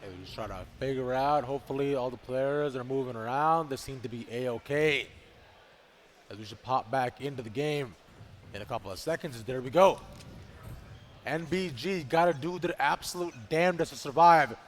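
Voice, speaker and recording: A man co-casting a live esports match, making dramatic, animated calls. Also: medium pitch, normal speed. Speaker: esports co-caster. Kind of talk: live play-by-play commentary.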